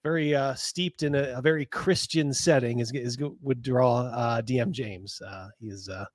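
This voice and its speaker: A man hosting a casual livestream chat, playful and quick to laugh. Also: dry recording. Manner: playful, laughs easily, lively pitch. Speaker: show host.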